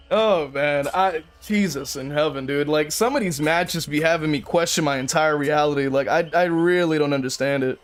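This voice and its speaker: A man's voice: fairly high pitch, unhurried, faint music behind. A young man streaming a game, talking casually to chat, often exasperated, swearing and laughing. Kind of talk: casual livestream commentary.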